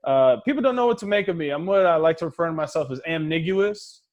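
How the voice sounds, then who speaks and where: A Los Angeles stand-up comedian in his thirties performs over a video call, his slightly high voice moving fast with lively intonation through dull-sounding audio. He tells casual, profane stories and acts out the voices of the people in them.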